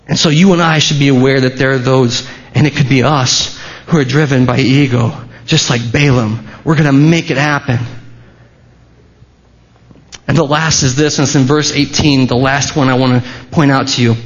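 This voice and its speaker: A man's voice: medium pitch, steady tone, moderate pace. A man preaching a sermon as a pastor, in a conversational way with restarts and asides. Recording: dull, lo-fi sermon recording.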